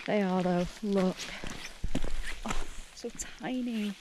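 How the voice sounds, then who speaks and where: A woman's voice: medium pitch, drawn-out words, pauses often, background noise. Gushing woman hiking through woods. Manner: gushing, excitable, laughs often, drops to hushed murmurs. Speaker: hiking vlogger. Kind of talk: casual vlog narration while hiking. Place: misty woodland trail outdoors.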